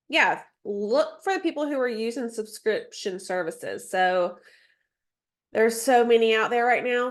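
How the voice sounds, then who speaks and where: A woman with a stuffy nose mentoring a sales team on a video call, chatty, with many ums and asides as she reads through slides. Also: medium pitch. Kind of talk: casual training session, reading slides.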